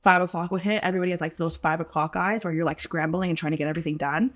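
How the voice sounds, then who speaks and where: A woman's voice: on the low side, fairly even intonation, very fast, fairly bright tone. A woman co-hosting a casual podcast, a cook telling chatty stories and using "like" often. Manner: chatty storyteller, heavy use of "like". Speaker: co-host and cook.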